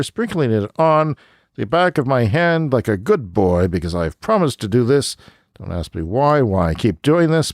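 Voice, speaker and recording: Man, comedy podcast host, lively swooping pitch, self-mocking and excitable, dry close mic. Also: no room sound. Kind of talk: rambling comedic monologue.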